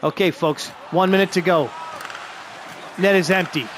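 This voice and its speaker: A man giving excited play-by-play of a hockey video game he is playing, openly rooting for his team. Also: sits high, normal speed, noisy background.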